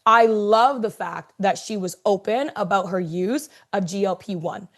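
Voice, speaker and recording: A woman's voice: mid-range voice, measured pace. A woman co-hosting a sports podcast, talking conversationally with fillers and building to emphatic points. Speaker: podcast co-host. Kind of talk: casual chat.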